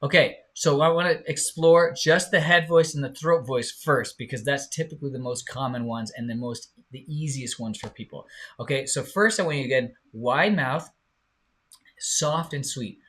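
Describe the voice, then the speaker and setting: A man with a mid-range, fairly bright voice leads a live online singing lesson. He encourages his students in a slow, drawn-out way and sings to demonstrate.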